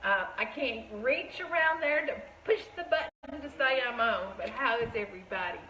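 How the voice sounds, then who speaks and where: Chatty and folksy, this Southern woman from Tennessee runs a shop and hosts a live cooking stream in her kitchen, greeting viewers by name. Her bright voice sits on the high side, with lively intonation and a moderate pace. The sound is roomy and poor, with slight background noise.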